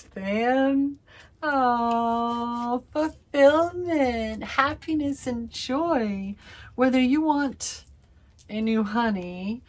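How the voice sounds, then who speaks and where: A woman giving a casual tarot reading to her viewers, gushing and effusive, calling them fam and swearing playfully. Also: fairly low pitch. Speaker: tarot reader.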